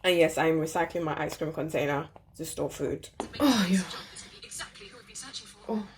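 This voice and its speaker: A woman's voice: sits low, measured pace, slight background noise. A woman vlogging casually at home, chatty and informal as she explains furniture assembly and chats while eating. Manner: chatty, informal, lots of "literally" and "like". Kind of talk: casual how-to vlog chat. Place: home living room.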